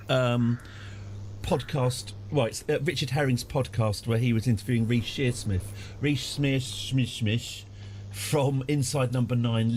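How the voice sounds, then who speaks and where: A man's voice: medium pitch, darkish tone, a little hiss or hum. A man chatting casually on a game stream, rambling through jokey stories with lots of fillers. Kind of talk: casual live-stream chat while gaming.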